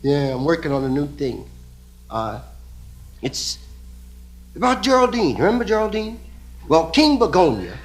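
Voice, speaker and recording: A man's voice: fairly high pitch, sing-song, normal speed, long pauses, soft background music, poor audio. A male stand-up comedian telling a story with playful, mock-serious asides. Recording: hissy 1970 live comedy record.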